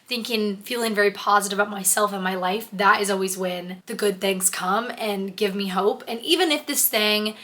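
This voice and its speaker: A woman's voice: medium pitch, normal speed, hardly any pauses, bright, forceful tone. A young woman vlogging in a chatty, gushing, earnest way, full of "like". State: emotional, close to tears. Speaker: lifestyle vlogger. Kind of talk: casual vlog chat.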